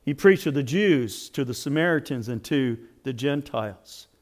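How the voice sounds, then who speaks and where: A man pastor preaching a sermon in an animated, conversational storytelling way. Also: mid-range voice, moderate pace.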